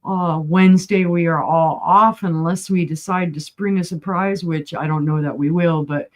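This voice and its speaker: A woman's voice: on the low side, fairly even intonation, moderate pace. A woman co-hosting a live online sale, calling bids and chatting between items.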